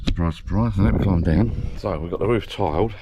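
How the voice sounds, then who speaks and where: Deep-voiced bloke rambling, a bit out of breath, handheld cam, faint hiss behind. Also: male voice, fairly quick, highs cut off. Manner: chatty, rambling, with restarts. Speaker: vlogger showing a renovation. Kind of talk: casual walk-and-talk vlog. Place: outdoors walking, then inside a building site. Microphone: handheld camera.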